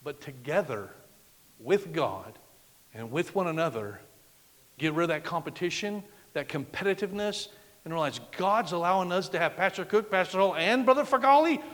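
A man's voice: sits high, expressive, moderate pace. Middle-aged man preaching in an echoing church. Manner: emphatic, swings from loud to hushed. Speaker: guest pastor. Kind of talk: sermon. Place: church sanctuary. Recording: long reverb of a large church hall.

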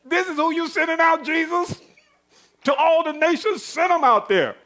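A man's voice: very high voice, normal speed, pushed and bright, pitched above the performer's own voice. A man voicing a mocking male devil who gloats and taunts, inside a sermon. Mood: gloating.

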